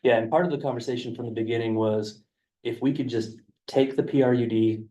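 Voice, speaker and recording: A man's voice: medium pitch, steady tone, a little fast, mellow, distant mic, muffled recording. A man on county staff explaining a development proposal at a work session, hesitant and full of fillers, in a meeting room. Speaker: county planning staff presenter.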